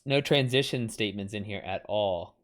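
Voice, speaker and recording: A man's voice: lowish voice, moderate pace. A man chatting casually during a live stream, talking frankly and often correcting himself mid-sentence. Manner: rambling, frequent self-corrections. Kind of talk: casual chat.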